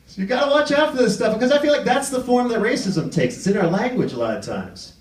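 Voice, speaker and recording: A man's voice: very high voice, big pitch swings, fast talker, hardly any pauses, a little hiss or hum. A man performing a stand-up comedy set in a theater, acting out the people he quotes in put-on voices. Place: live comedy theater with audience laughter. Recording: roomy live recording from a distance.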